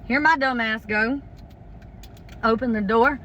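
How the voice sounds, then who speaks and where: A woman's voice: a little high, a little slow, a bit bright, lo-fi sound, slight background noise. A woman, a home health worker telling a funny story in a brash, profane, chatty way. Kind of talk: comedic storytime.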